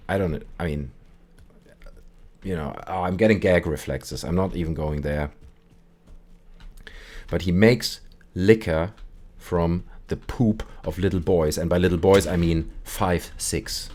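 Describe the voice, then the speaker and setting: A man hosting a live stream, chatting casually and rambling through stories while he plays. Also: sits low. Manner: rambling, animated storytelling with put-on quote voices. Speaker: streamer and call-in show host. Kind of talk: casual gaming stream chat.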